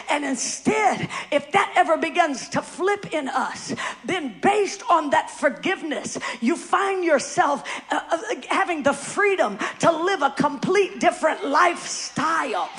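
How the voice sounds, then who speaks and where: A woman preaching a sermon, emphatic and often shouting, who calls the congregation to answer her back. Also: high-pitched, animated, unhurried, few pauses.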